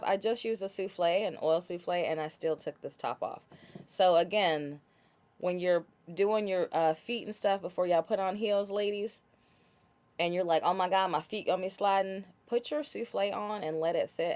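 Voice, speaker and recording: A woman's voice: lowish voice, darkish tone. Chatty woman hosting a livestream. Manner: chatty, playful, addresses viewers as y'all. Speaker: livestream host showing body care products. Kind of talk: casual livestream product demo.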